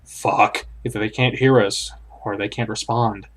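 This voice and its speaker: A man's voice: fairly low pitch, fairly even intonation, moderate pace. A man reading a horror visual novel aloud in the first person, acting it out and blurting out startled reactions. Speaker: let's play host.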